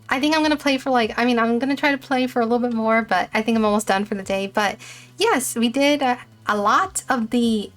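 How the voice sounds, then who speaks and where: A woman's voice: on the high side, fairly bright tone. A young woman streamer chatting casually while playing, rambling with frequent fillers and restarts. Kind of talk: casual gameplay commentary and game dialogue read-aloud.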